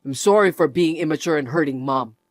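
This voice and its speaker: A man's voice: a little high, brisk, dry recording, lightly acted. An actor playing a mocking, controlling young husband who laughs often as he sneers. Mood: scolding. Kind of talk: narrated drama acting.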